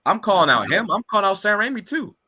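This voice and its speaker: A man's voice: high-pitched, sing-song, quick pace, bright, forceful tone, breathy edge. A man co-hosting a casual film podcast, ranting with emphatic repetition. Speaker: podcast co-host. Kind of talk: heated casual movie chat.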